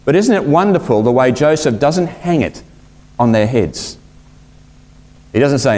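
A male pastor delivering a sermon with plenty of expression. His voice climbs when he acts out what people say and sinks to a near hush on key words. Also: unhurried, long pauses. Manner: expressive preaching, acting out quotes with big pitch swings and hushed drops.

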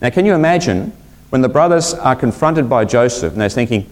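Expressive male preacher with hushed drops. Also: a little fast. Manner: expressive preaching, acting out quotes with big pitch swings and hushed drops. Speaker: pastor. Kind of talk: sermon.

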